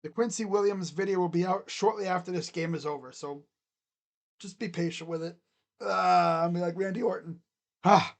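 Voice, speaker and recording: A man streaming live play-by-play commentary, calling plays in excited bursts and then dropping into low, mumbled casual asides. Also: moderate pace, gravelly.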